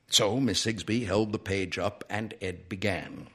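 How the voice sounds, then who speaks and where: A man narrating a humorous story in an expressive, unhurried reading style. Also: deep voice, husky.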